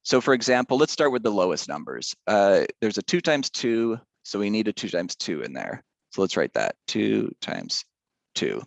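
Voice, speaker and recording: A man's voice: lowish voice, very animated, moderate pace, vocal fry, dry recording. A male teacher giving a casual math lesson, chatty and rambling, drifting into side stories.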